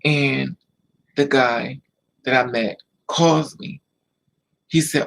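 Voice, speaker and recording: A man's voice: mid-range voice, steady tone, slow pace, gravelly, long pauses, a little hiss or hum, low-quality recording. A man casually telling a personal story to the camera, repeating himself and quoting the people involved. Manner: repetitive, emotional retelling with quoted dialogue. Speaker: vlogger.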